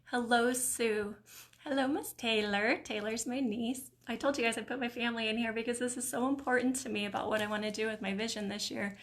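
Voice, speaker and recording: A woman's voice: fairly high pitch, steady tone, a little fast, fairly bright tone. Emotional, encouraging woman hosting a live stream. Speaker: host of a live mindset stream. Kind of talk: casual live-stream chat reading comments.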